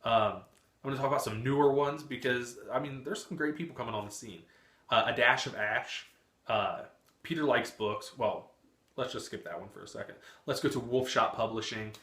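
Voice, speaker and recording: A man's voice: medium pitch, normal speed, fairly bright tone. A young man in his twenties chatting casually on his book vlog, talkative and cursing freely. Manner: chatty, frequent cursing and laughter. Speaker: book vlogger. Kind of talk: casual chat. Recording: echoey room.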